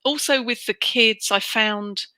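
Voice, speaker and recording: Bright, chatty British woman. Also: on the high side, slow, clear, resonant tone, no room sound. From United Kingdom. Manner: chatty, animated, acts out quoted voices. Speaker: interview guest, relocation trainer. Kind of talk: casual interview chat.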